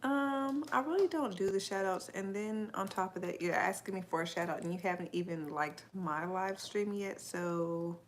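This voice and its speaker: A woman's voice: medium pitch, normal speed, hardly any pauses, a little hiss or hum. A young adult woman chatting casually on a live stream, rambling and answering viewers' comments as they come in.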